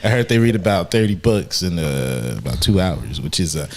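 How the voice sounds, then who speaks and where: A man's voice: low-pitched, big pitch swings. Man doing a pompous college grad. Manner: pompous, halting, full of uh pauses. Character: pompous Boston University graduate man.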